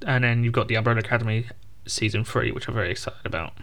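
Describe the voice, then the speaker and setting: A man's voice: mid-range voice, fairly even intonation, rapid-fire, creaky, a bit bright. A man co-hosting a podcast in casual chat, running through a list with teasing asides. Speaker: podcast co-host.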